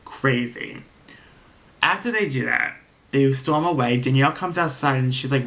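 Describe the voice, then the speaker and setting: A man casually recapping a reality TV episode, animated and profane, acting out the cast's lines as he retells each scene. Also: medium pitch, normal speed, creaky.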